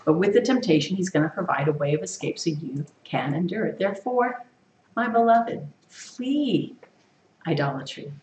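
A woman teaching a Bible study to a group, lively, quizzing her listeners and laughing often. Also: fairly low pitch, moderate pace, a little hiss or hum. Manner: animated, asks the group questions and laughs often. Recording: echoey room, far from the mic.

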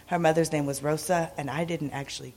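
Woman with a lost, raspy voice giving a casual church talk in an echoing hall. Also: deep voice, fairly even intonation, fast, darkish tone, a little hiss or hum. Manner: laughs often, chatty. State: hoarse, lost her voice. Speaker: mission trip speaker. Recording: echoey hall.

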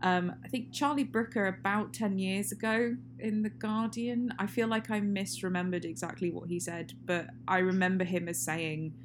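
A woman's voice: medium pitch, fairly even intonation, normal speed, few pauses. Chatty woman, laughing often. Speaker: podcast co-host. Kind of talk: casual chat. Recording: faint hum and noise.

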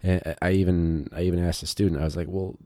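A man who teaches high school, talking in a rambling, casual podcast monologue full of fillers and digressions. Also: fairly even intonation, rapid-fire, warm tone, dry recording.

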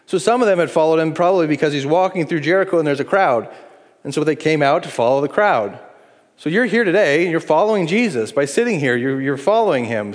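A middle-aged man preaching a sermon as pastor, earnest and pleading, moving between hushed appeals and lively acted-out asides. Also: mid-range voice. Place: church sanctuary. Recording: long reverb in a large hall.

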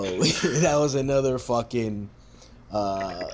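A man casually telling a story, swearing often, laughing and jumping into high voices to quote people. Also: animated, moderate pace, slight background noise.

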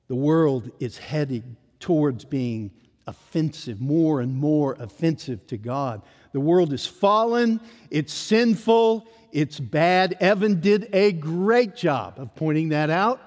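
A man preaching a sermon in an emphatic way, often dropping to a hush at the ends of phrases. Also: fairly high pitch, long reverb tail.

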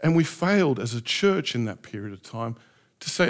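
A middle-aged pastor preaching a sermon with passion, acting out heartfelt prayers in changing voices. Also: male voice, mid-range voice, very animated, normal speed. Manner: impassioned, acts out prayers in shifting voices.

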